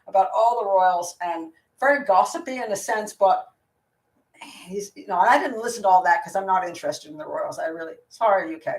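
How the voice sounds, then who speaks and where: A woman hosting a live Q&A as a criminal profiler, talking casually in a blunt, opinionated way, rambling and restarting her sentences. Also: medium pitch. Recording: roomy sound from a distant mic.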